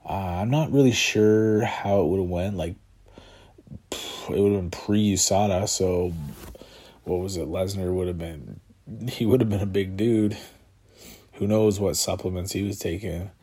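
A man's voice: low voice, a little slow, warm tone, husky. A man talking casually on his own, tired and yawning, rambling with lots of fillers and chuckling to himself. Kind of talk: casual solo talk about combat sports.

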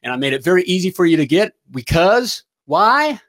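A middle-aged man hosting a livestream as a business coach, giving an energetic pep talk and checking in with "all right?" again and again. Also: sits high, normal speed.

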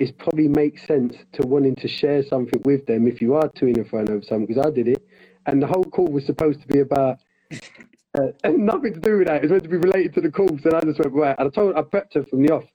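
Husky man, rambling and muffled. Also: a little high. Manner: rambling with many restarts. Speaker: life coach in training. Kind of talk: casual conversation.

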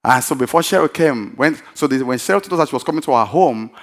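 A male pastor tells a story during a sermon, speaking fast at medium pitch. He's animated and repetitive, frequently breaking into laughter.

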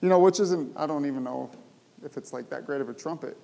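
A male preacher with a notably high voice delivers a sermon. He retells old stories with emphatic rises and throws rhetorical questions at his listeners. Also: fast talker, creaky, warm tone, slight background noise.

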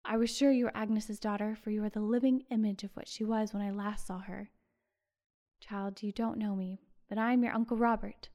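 Woman reading a kind older gentleman, earnest and gentle, soft mellow voice. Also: medium pitch, fairly even intonation, fairly quick, lightly acted. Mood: tender. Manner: earnest, tender. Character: kind, emotional older man, long-lost uncle.

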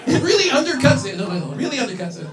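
Lively high-voiced comedian on a club stage. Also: male voice, very fast, a crowd in the background. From Canada. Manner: animated, self-mocking, loud punchlines. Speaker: stand-up comedian. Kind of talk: stand-up set. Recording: roomy club sound from a distance. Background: audience laughter.

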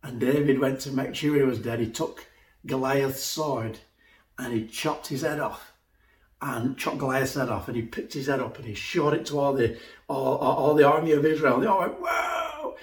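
A man's voice: mid-range voice, steady tone, normal speed, roomy sound. A man preaching a sermon, retelling a story animatedly and acting out the voices.

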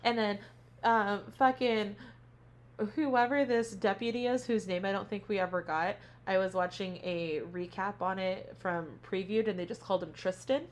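Speaking at a moderate pace in a medium-pitched voice, this podcast co-host, also a teacher, animatedly recaps a show. She acts out the characters' lines and swears a lot in the casual conversation.

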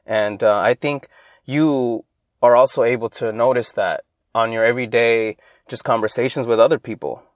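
A young adult man from Los Angeles, hosting his own podcast and telling childhood stories in a loose, rambling way that gets animated when he quotes people. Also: medium pitch, moderate pace, no echo, studio quality. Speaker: podcast host. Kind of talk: casual solo storytelling.

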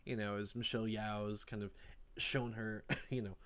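A man's voice: on the low side, level tone, moderate pace, fairly bright tone. A man casually telling a made-up film plot for laughs, rambling with lots of fillers and acting out the characters' lines. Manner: rambling, many fillers, acts out quoted lines.

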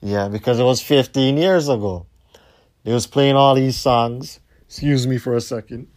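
A man telling a rambling story as a podcast host, heated and profane, repeating himself and trailing off low at the ends of lines. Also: normal speed, a little mellow.

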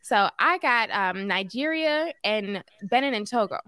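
A woman's voice: mid-range voice, animated, a little slow, pushed and bright, clean tone, no echo. A woman hosting a podcast interview, enthusiastic and affirming, laughing along with her guest. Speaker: podcast host. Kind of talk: casual interview chat.

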